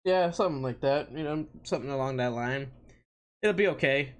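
A man's voice: mid-range voice, fairly quick. A man co-hosting a podcast in casual chat, laid-back and jokey, calling his partner "pal". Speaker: podcast co-host.

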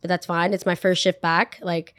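A woman's voice: lowish voice, normal speed, no room sound. Chatty woman with a dry close sound. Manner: animated, chatty, full of "like" asides. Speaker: podcast host. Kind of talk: casual storytime monologue.

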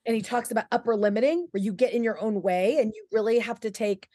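High-voiced woman chatting on a podcast. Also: quick pace, dark tone, no echo, clean studio sound. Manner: rambling, acts out her inner voice. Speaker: podcast co-host. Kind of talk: casual conversation.

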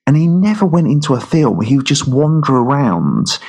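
A man co-hosting a comedy podcast, rambling through a film review with plenty of ums and restarts. His voice is husky, and his pitch moves a lot. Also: sing-song, moderate pace, a little mellow. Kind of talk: casual comedy chat.

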